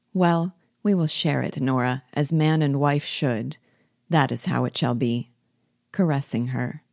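A woman's voice: sits low, a little mellow, no room sound, clean studio sound. A woman reading as a patronizing stern husband. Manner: measured, condescending and soothing.

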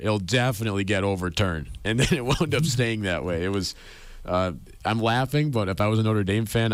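A man's voice: low-pitched, dry recording. A young man co-hosting a casual sports chat show, chatty and enthusiastic. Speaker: co-host.

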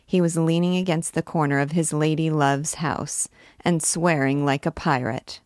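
A woman, a literature teacher, reading a classic novel aloud in a clear, expressive way. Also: low voice, moderate pace, no echo, clean studio sound.

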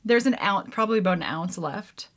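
A woman's voice: medium pitch, expressive, a little fast. A woman vlogging as she mixes a drink at home, chatting casually to her viewers, rambling with lots of "like" and "um", giggling and poking fun at herself. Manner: giggly, rambling, self-deprecating, many "like"s and "um"s. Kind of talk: casual chat to camera.

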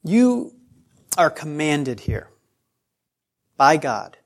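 A man's voice: fairly high pitch, measured pace, pauses often. A man preaching a sermon in a conversational way, telling stories on himself and repeating phrases for emphasis. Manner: conversational preaching with self-deprecating asides; repeats phrases for emphasis, draws out key words. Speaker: pastor.

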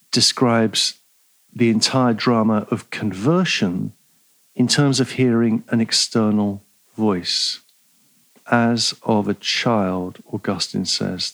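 A middle-aged man giving a scripted philosophy lecture in a measured way, repeating key phrases for emphasis. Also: lowish voice.

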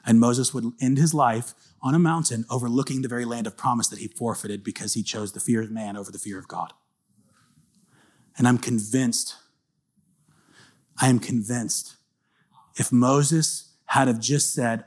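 A male pastor preaches a sermon with a conversational, animated storytelling style. He speaks at a normal speed with a medium pitch.

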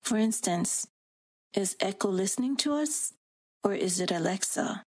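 A woman co-host reading a scripted podcast intro in a playful, sultry, breathy way. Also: medium pitch, expressive, measured pace, no room sound.

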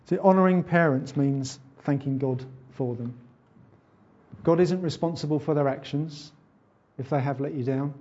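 A man's voice: fairly high pitch, normal speed, a little mellow, slightly rough, dull audio. A man preaching a sermon in an earnest, conversational way. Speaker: pastor.

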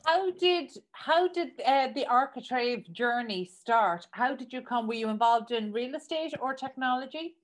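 A woman with an Irish accent hosting a radio interview, asking questions in a bubbly, animated way. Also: sits high, normal speed, few pauses. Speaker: radio show host. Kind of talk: podcast interview.

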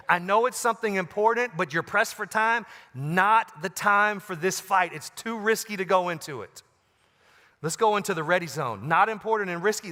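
Energetic preacher with bright, forceful voice. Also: male voice, a little high, big-room sound. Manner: energetic, swings from loud emphasis to quiet asides. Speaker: pastor. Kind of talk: sermon. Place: large church auditorium.

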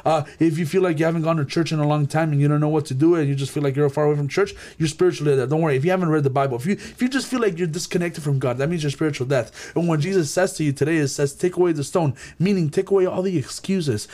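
A man leading a group Bible study, preaching with animated energy, often repeating and restarting words. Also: on the high side, rapid-fire, hardly any pauses.

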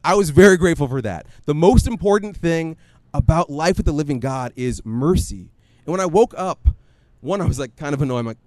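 A man preaching a sermon in a conversational, animated storytelling way, often acting out his own asides. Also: on the high side, brisk, no room sound. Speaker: pastor.

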